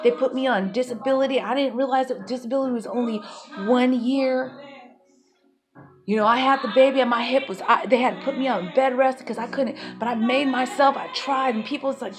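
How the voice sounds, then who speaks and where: Woman, raw and emotional storyteller, rambles and swears, slightly high voice, soft music underneath. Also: fairly quick. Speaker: mother telling her life story.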